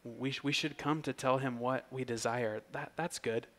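A man preaching an expository sermon, earnest and emphatic, whose voice rises in pitch and volume when he reads scripture aloud. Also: fairly even intonation, moderate pace, a bit bright. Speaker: pastor.

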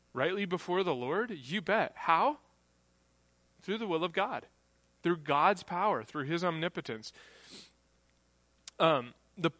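A man's voice: sits high, sharp tone, no room sound. A man preaching a sermon in a conversational way, acting out the voices of people he quotes. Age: adult, grew up on a farm family. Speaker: pastor.

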